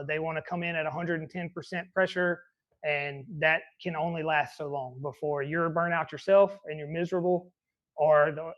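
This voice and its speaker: A man's voice: on the high side, a bit bright, muffled recording. A man who is a fire captain, answering interview questions earnestly and reflectively, with many restarts. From American South.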